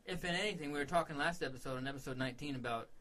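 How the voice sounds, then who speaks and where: A man co-hosting a podcast in casual chat, laughing often and throwing in quick crude jokes. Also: on the high side, pushed and bright. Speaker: podcast co-host.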